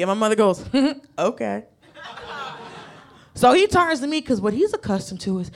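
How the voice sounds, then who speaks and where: A woman's voice: on the high side, animated, normal speed, a bit bright. A woman doing stand-up, telling a profane story and acting out the voices of the people in it. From United States. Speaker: stand-up comedian. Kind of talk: stand-up comedy set.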